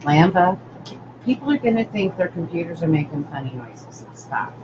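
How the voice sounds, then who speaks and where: Over dull, lo-fi audio with a steady hum, an older woman runs a live-stream craft tutorial at normal speed in a fairly low-pitched voice. She chats and rambles while working, calling out viewers by name.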